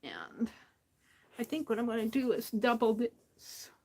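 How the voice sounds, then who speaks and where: A woman hosting a craft stream, talking casually to herself as she works, often trailing into soft near-whispers. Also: on the high side, very animated, unhurried, vocal fry, a little hiss or hum, poor audio. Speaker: craft livestream host. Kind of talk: casual craft talk while working.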